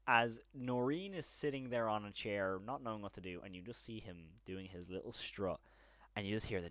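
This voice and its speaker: Enthusiastic low-voiced man reviewing a show. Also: fairly bright tone, clear, resonant tone, no room sound, clean studio sound. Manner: enthusiastic, rambling, acts out quoted lines. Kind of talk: casual video review.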